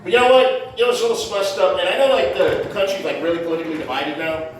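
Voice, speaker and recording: A man's voice: sits high, racing. A man doing a stand-up set in a comedy club, brash and conversational, tossing in "man" and "right?" as he goes. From Puerto Rican heritage. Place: comedy club stage with audience laughter. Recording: echoey club, heard from far off.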